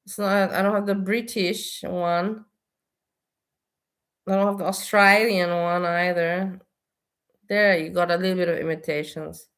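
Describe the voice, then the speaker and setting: A woman's voice: lowish voice, little pitch movement, a little slow, long pauses, clear, resonant tone. A woman with an American accent gives casual reaction commentary, talking freely and filling her sentences with "you know" and "like". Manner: chatty, warm-hearted, lots of "you know" and "like". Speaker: vlogger reacting to a video.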